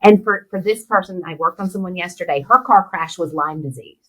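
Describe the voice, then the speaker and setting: A middle-aged American woman, an interview guest, telling a personal story in a lively way and acting out the voices of the people in it. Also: lowish voice, a little fast, slightly rough, low-quality recording. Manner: animated storyteller who acts out quoted voices. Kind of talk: storytelling in conversation.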